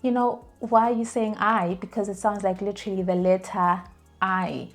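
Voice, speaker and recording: A young adult woman vlogging in a casual storytelling way, chatty and animated, with plenty of fillers and restarts as she acts out the phrases she quotes. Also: medium pitch, moderate pace, faint music behind.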